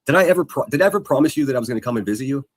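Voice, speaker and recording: A man's voice: medium pitch, expressive, rapid-fire, no room sound, studio quality. A man on a live stream talking in a heated, defensive, profane way. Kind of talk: casual live-stream chat.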